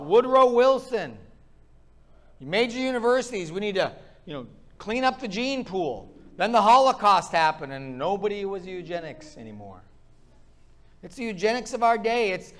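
A man's voice: very high-pitched, a bit bright. A man preaching a sermon, impassioned and ranting as he pounds the pulpit. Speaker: pastor.

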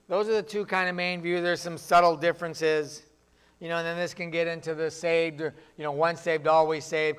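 Guy preaching, kinda high voice, chatty and down to earth, does little voices for people. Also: fairly bright tone, clean tone. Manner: conversational, plainspoken, acts out quoted voices. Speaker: pastor. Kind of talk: sermon.

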